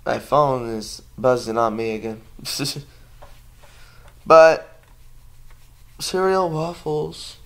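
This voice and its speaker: Slow, rambling young man vlogging. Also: mid-range voice, clean tone. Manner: rambling, meandering, full of ums and restarts; sleepy, yawning. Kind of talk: casual vlog chat.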